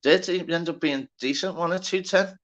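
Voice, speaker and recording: A man's voice: on the high side, moderate pace, a bit bright, dull audio. A man with a Liverpool accent hosting a casual live stream, chatty and sweary, greeting viewers by name. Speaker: livestream host.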